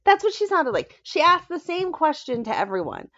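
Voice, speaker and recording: A woman co-hosting a fan podcast, giving animated and exasperated commentary in casual chat. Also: high-pitched, normal speed, no echo, muffled recording. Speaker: podcast co-host.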